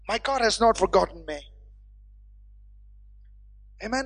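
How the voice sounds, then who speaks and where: Preacher, sermon, unhurried delivery, loud proclaiming then hushed asides, call-and-response, faint music underneath. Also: medium pitch, expressive.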